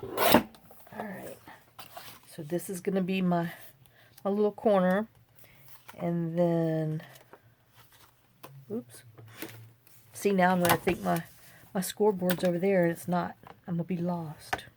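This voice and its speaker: A woman's voice: lowish voice, fairly even intonation, measured pace, pauses often, noisy background. An older woman hosting a chatty crafting tutorial, rambling and talking to herself as she works at a home craft table. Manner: rambling, chatty, talks to herself while working.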